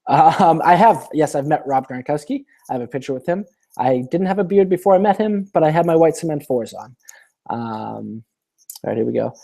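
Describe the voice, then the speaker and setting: A man's voice: fairly high pitch, animated, moderate pace, vocal fry, warm tone. A man hosting a casual live-stream Q&A, reading viewer questions aloud and rambling through his answers with many restarts.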